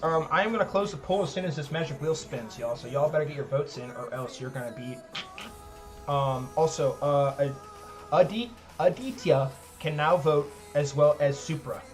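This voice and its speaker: A man's voice: on the high side, a little fast, soft background music. A man hosting a live chess tournament stream in casual chat, rambling with lots of "like" fillers and joking at his own expense. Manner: rambling, heavy use of "like" fillers; joking, self-deprecating.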